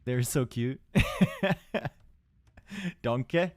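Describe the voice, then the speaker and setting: A man's voice: mid-range voice, animated, extremely slow, a little mellow. A young man casting a live strategy game match, chatty and rambling, with asides to his chat. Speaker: esports caster.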